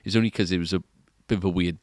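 Deep-voiced man chatting. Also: steady tone, racing, dry recording, studio quality. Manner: chatty, rambling, laughs easily. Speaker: podcast co-host, guitar shop staff. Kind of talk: casual chat.

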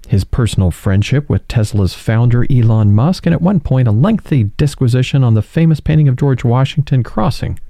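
Man, mid pitch, deep warm timbre, incredulous, sarcastic, casual commentary. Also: dry recording, clean studio sound. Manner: incredulous, sarcastic, addresses viewers as folks; reads news quotes aloud. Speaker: political commentary host.

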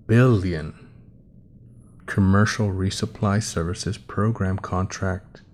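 Deep, slow-talking man riffing on an article. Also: fairly even intonation, darkish tone. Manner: reads aloud, stumbles on names, cusses and laughs at his own jokes. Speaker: host. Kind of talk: casual commentary reading an article.

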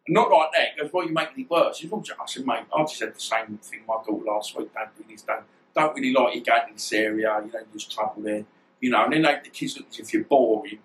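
A man, telling stories in an interview in a rambling, animated way and acting out the dialogue. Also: medium pitch, fast talker, slight background noise, poor audio. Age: 50s. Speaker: guest, former boxer. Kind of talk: storytelling interview.

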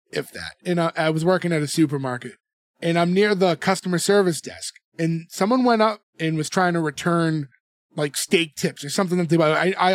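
A man's voice: on the high side, dry recording, clean studio sound. A man co-hosting a podcast, recapping a show in rambling casual chat with lots of fillers and restarts. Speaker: podcast co-host.

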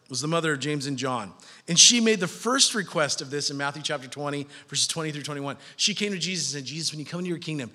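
A middle-aged male pastor preaches with a high, bright voice that swings widely in pitch. He tells funny stories and acts out quoted voices. His voice carries a long reverb, as in a church hall. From California. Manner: animated, joking storyteller, acts out quoted voices. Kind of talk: sermon.

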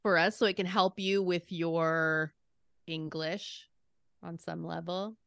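A woman's voice: on the low side, steady tone, takes it slowly, creaky, a bit bright, clean tone, no echo, clean studio sound. A woman guesting on a movie podcast, talking eagerly about occult lore and laughing often. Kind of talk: casual movie podcast chat.

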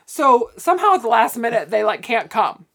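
A woman with a highish voice and some vocal fry co-hosts a podcast, speaking at normal speed. In casual chat she recaps a sitcom plot, animatedly voicing the characters' lines.

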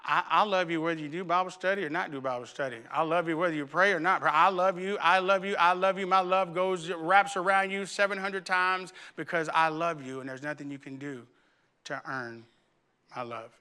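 God as a tender, hushed father, put on by a preacher. The voice is high and bright but drops to a soft, slow near-murmur. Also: steady tone, clean tone.

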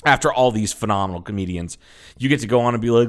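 A man in his thirties, a podcast co-host telling a story in casual chat, animated and full of swearing. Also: medium pitch, quick pace. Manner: animated storyteller, swears a lot, acts out quotes loudly.

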